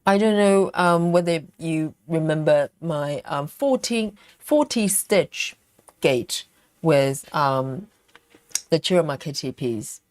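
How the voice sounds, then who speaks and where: Woman host reading out viewer comments in an unhurried, um-filled chat; dry, close recording. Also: low voice, animated, darkish tone, dry recording. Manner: unhurried, thinking aloud with many ums. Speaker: cross-stitch livestream host.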